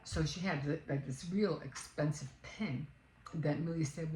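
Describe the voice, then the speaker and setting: A woman with a low voice casually retells a story, rambling and correcting herself as she goes. The room is echoey, with a faint hiss underneath. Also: measured pace, mellow. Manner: rambling, full of fillers and self-corrections. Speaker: vlogger.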